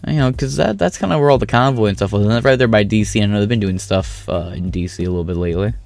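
A man's voice: fairly low pitch, fast talker, vocal fry, a little mellow, faint music behind. A man casually reading news articles aloud and breaking in with sarcastic, profane asides. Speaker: political commentary streamer.

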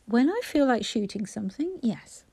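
A woman voicing a grumpy one-eyed old man who talks gruffly and bluntly. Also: on the high side, very animated, normal speed, a little mellow, no echo, exaggerated voice. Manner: gruff, curt.

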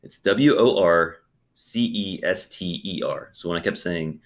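American male host, low-pitched, easygoing, laughs with guests. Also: unhurried. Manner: friendly, laughs along, short acknowledgements. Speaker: podcast host interviewer. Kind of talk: casual interview.

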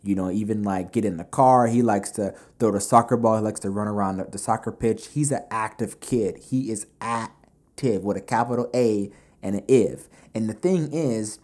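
A man hosting a casual talk on leadership, animated and conversational, full of fillers as he tells stories. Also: on the low side, normal speed. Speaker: business podcast host.

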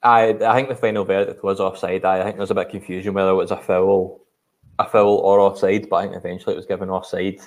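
A man's voice: sits low, little pitch movement, quick pace, darkish tone. A Scottish man co-hosting a podcast, chatting casually about football in a rambling, hesitant way with lots of fillers. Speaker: podcast co-host.

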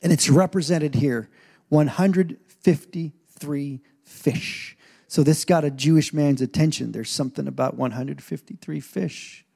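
A man who is a pastor, preaching a sermon in an animated way with asides and rising intensity. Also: on the high side, unhurried, vocal fry, husky. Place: church stage.

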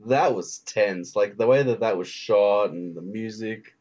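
A man's voice: lowish voice, measured pace, darkish tone. A man co-hosting a casual podcast chat, leaning on fillers as he searches for words. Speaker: podcast co-host. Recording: slightly dull, lo-fi sound.

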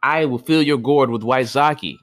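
A man's voice: mid-range voice, moderate pace, voice pushed up, natural voice. A man voicing a genial red-haired sea creature who kindly offers sake.

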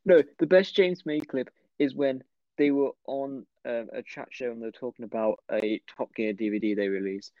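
A young man co-hosting a podcast, jokey and teasing, telling quick anecdotes. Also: medium pitch, steady tone, no room sound. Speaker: podcast co-host. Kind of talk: casual chat. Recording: dry, dull lo-fi call audio.

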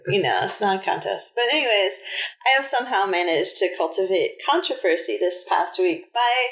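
A woman from New England co-hosting a podcast, telling a story in casual chat with emphatic, animated delivery. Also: mid-range voice, normal speed, roomy sound. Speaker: podcast co-host.

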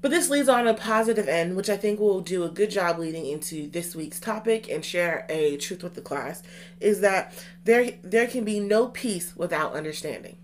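A woman's voice: mid-range voice, animated, moderate pace, slight background noise. A young woman co-hosting a podcast, chatting casually and rambling with restarts and fillers. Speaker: podcast co-host.

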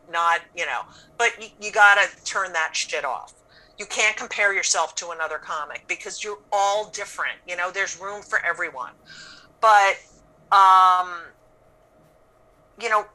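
A woman's voice: lowish voice, bright, forceful tone, poor audio. A woman comedian telling stories in casual chat, blunt and profane, acting out what people said. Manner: blunt, profane, storytelling with acted-out quotes. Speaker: comedian guest.

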